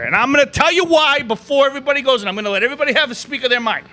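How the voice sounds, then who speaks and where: A man, co-hosting a podcast, ranting loudly about basketball with constant swearing and frequent shouting. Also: very high voice, big pitch swings, rapid-fire, hardly any pauses. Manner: loud, swearing, shouting often. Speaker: podcast co-host. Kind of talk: profane sports rant.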